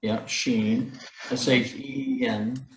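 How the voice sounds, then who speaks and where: A man's voice: medium pitch, sing-song, slow pace, vocal fry, echoey room, poor audio. A man tutoring a student in Hebrew letters, patiently repeating sounds and correcting himself as he goes. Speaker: Hebrew teacher. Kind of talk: one-on-one language tutoring.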